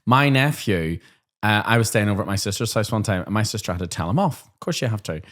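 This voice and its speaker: A man with a slightly low voice co-hosts a relaxed teachers' podcast. He is chatty and laughs easily, and he backs his partner with steady murmurs of agreement. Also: quick pace. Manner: chatty, laughs often, gives frequent backchannel agreement. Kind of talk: casual podcast chat.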